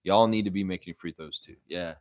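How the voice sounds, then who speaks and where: A man hosting a casual sports livestream, reading chat and breaking into animated, profane rants. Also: low-pitched, brisk, dry recording, clean studio sound. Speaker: livestream host.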